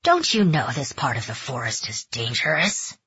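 A woman voicing a dirty, menacing male vagrant with a gruff, slow, leering drawl. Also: very deep voice, very animated, fairly bright tone, no room sound, pitched below the performer's own voice, heavily acted. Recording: dull, dry close recording.

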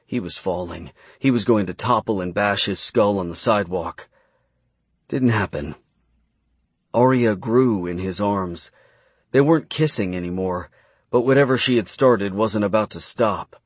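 A man narrating a fantasy novel as an audiobook, reading in a measured, dramatic way. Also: on the low side, breathy edge, no room sound.

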